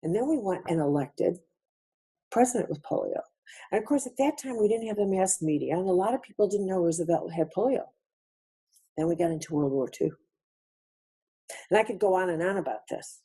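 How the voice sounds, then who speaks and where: A woman's voice: lowish voice, animated, a little fast, long pauses, warm tone, husky. A woman giving a spiritual lecture over a webinar, reflective, repeating phrases for emphasis. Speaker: featured speaker.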